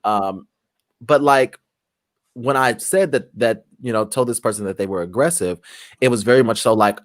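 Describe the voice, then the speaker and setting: A man's voice: mid-range voice, normal speed, no room sound. A man co-hosting a podcast in casual chat, thinking aloud with restarts and asides. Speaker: podcast co-host.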